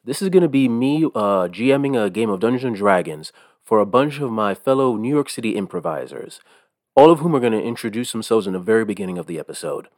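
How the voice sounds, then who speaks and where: A podcast host giving a relaxed, chatty introduction and thanking his supporters. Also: fairly low pitch, quick pace, no echo, studio quality.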